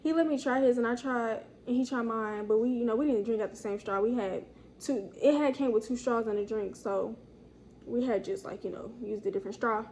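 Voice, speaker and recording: A young woman with a fairly high voice tells a story from her own life in a loose, slangy way, jumping up in pitch whenever she acts out what people said. A faint hiss sits under her voice. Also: a little fast. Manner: animated, slangy, acts out quotes in higher voice. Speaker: storytime vlogger. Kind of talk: casual storytelling.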